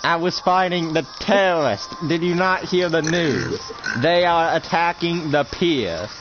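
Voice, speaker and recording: Man voicing a brash young fighter, pitched up and indignant; dull lo-fi recording with music underneath. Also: animated, a little slow. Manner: indignant, shouting back. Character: cocky hot-tempered young male superpowered fighter.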